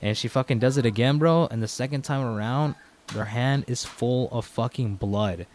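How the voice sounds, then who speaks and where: A man's voice: mid-range voice, normal speed, a little hiss or hum. A young man, a podcast guest, telling a story in casual talk, swearing a lot and acting out what people said. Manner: animated, heavy swearing, acts out quoted dialogue.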